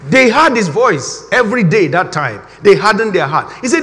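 Middle-aged man, high voice, animated repetitive sermon delivery. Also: normal speed, few pauses. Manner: animated, emphatic, repeats key phrases. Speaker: preacher. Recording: reverberant hall.

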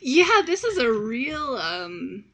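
A young woman co-hosting a casual podcast, talking in a chatty, halting way with restarts and laughs. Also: a little high, big pitch swings, sharp tone. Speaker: podcast co-host. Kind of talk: casual chat.

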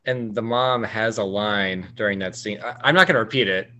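A man's voice: fairly low pitch, normal speed, bright, forceful tone. A man co-hosting a casual podcast, talking hesitantly with stumbling restarts. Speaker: podcast co-host. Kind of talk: casual chat.

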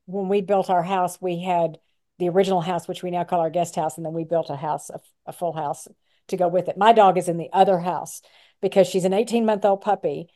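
A woman hosting a podcast, chatting in a relaxed, easygoing way. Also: on the low side, brisk. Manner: chatty, relaxed, easily amused. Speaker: podcast host. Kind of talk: casual interview chat.

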